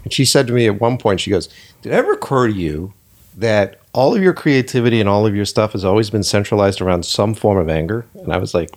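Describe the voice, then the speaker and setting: A man's voice: lowish voice, expressive, quick pace, a little mellow. A man hosting a podcast in a studio, talking bluntly and swearing freely as he tells stories and acts out what people said. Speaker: podcast host and director. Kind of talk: casual podcast conversation.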